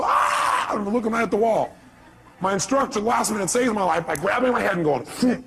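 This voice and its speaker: A man giving a motivational seminar talk, telling stories animatedly and acting out voices and shouts. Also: high voice, creaky. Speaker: motivational speaker.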